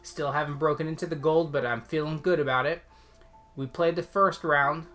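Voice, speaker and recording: A man co-hosting a casual podcast, heatedly retelling a story with lively, animated delivery. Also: fairly high pitch, moderate pace, soft background music. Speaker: podcast co-host.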